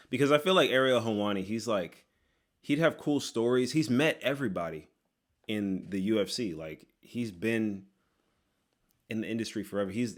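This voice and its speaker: Laid-back man with a lowish voice. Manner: laid-back and slangy, with frequent fillers. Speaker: podcast host answering fan questions. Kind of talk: casual chat.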